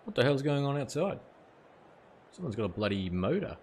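A man's voice: mid-range voice, sing-song, brisk, darkish tone, a little hiss or hum. A man streaming a cricket video game live, chatting casually with viewers and swearing now and then. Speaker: gaming streamer.

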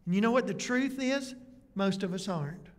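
A man's voice: sits high, lively intonation, moderate pace. A man preaching a sermon as pastor in a conversational way, full of rhetorical questions. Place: church sanctuary. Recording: church hall reverb.

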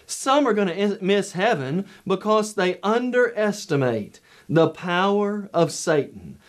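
A man preaching a televised sermon lesson, measured and emphatic, with repeated rhetorical questions. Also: high-pitched, very animated.

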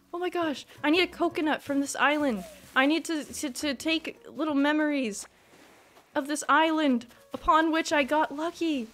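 A young woman live streaming a video game, chatting with her viewers and breaking into excited squeals and shouts. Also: high-pitched, normal speed. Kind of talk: casual gaming livestream chat.

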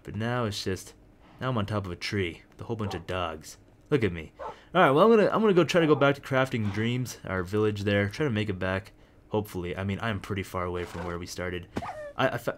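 Excitable young man narrating his gameplay. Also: lowish voice, fast talker, a little hiss or hum. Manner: excitable, rambling, jokey. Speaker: gaming video host. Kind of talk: casual let's-play commentary.

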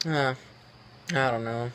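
A man's voice: medium pitch, slow, sharp tone, slight background noise. A teenage boy ranting casually to camera, irritated, swearing and rambling with lots of fillers. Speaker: vlogger.

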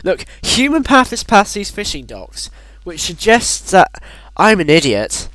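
A man chatting excitedly while playing a game, laughing often and swearing when flustered. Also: high voice, measured pace, poor audio. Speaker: player. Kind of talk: casual gaming chat.

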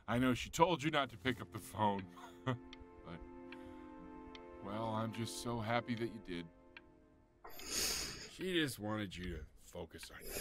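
An actor playing a gentle, grieving middle-aged father in a narrative game, speaking softly and tenderly. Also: fairly low pitch, full character voice. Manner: soft-spoken, tender.

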